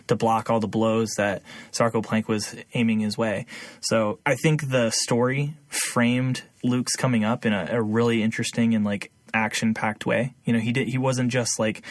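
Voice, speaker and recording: A young man co-hosts a podcast in an easy, chatty way. His voice sits at an ordinary middle pitch, he drops in plenty of fillers, and he laughs often. The recording is dry and close. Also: no room sound. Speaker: podcast co-host. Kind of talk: casual chat.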